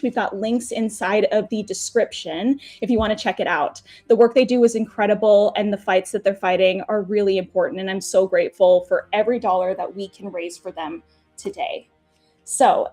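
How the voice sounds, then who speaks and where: A woman's voice: mid-range voice, darkish tone. A woman hosting a charity stream as game master, announcing donation incentives in an upbeat, grateful, chatty way.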